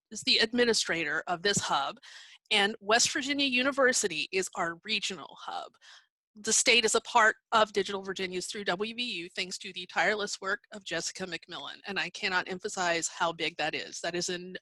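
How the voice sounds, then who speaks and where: A woman's voice: medium pitch, pushed and bright, no room sound, low-quality recording. A woman giving a virtual conference presentation while sharing her screen, explaining in a conversational way with some fillers and restarts, and she has the hiccups. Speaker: library presenter.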